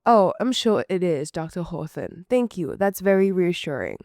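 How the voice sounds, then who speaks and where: A woman's voice: on the low side, very animated, normal speed, a little mellow, no echo, studio quality. A woman voicing a poised, polite woman patron in her late forties with a transatlantic British-American accent, speaking effusively. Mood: gracious. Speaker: student reader. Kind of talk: amateur story reading.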